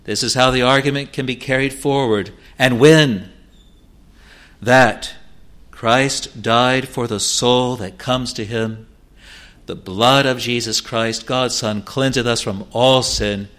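A man preaching a sermon in an earnest, pleading manner, slowing for scripture and rising to emphatic peaks. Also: medium pitch, steady tone, a bit bright. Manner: slow, deliberate delivery of scripture.

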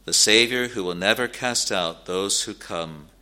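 Bright-voiced male preacher, earnest sermon. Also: on the low side. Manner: earnest, pleading with listeners, slow stressed phrases.

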